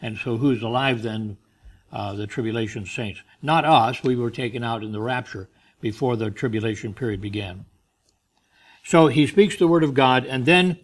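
A man teaching a verse-by-verse Bible study, explaining Greek words and leaning on key phrases, with a dry cough now and then. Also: medium pitch.

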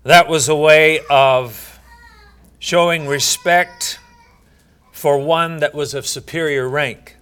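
Male pastor, middle-aged, sermon, folksy storyteller, halting fillers, bright tone. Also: fairly high pitch, steady tone, clean tone.

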